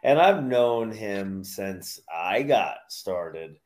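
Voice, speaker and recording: A man's voice: fairly low pitch, lively intonation, drawn-out words, darkish tone. A man hosting a podcast, talking in a laid-back way with frequent "yeah" and "uh". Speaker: podcast host. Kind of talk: casual conversation.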